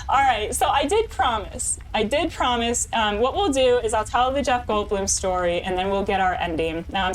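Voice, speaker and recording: A woman streaming live who is overjoyed and breathless, laughing, shaky with excitement and repeating herself as she thanks her chat. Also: a little high, slight background noise.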